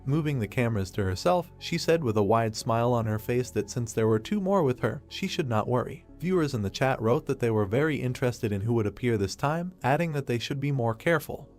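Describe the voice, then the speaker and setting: A man tells a story recap in a steady, even narrating voice at a middling pitch. Faint music plays underneath him throughout. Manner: steady storytelling in third person.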